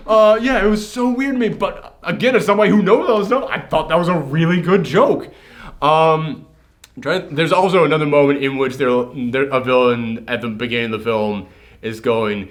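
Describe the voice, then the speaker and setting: A man hosting a casual movie reaction chat, animated, laughing and acting out scenes. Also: fairly high pitch, normal speed. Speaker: host.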